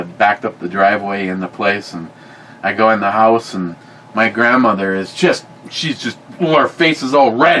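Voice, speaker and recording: A man telling a long story in casual chat, often stopping to correct himself and getting animated when he quotes people. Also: lowish voice, slight background noise, low-quality recording. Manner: rambling, self-correcting, animated when quoting. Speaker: podcast co-host.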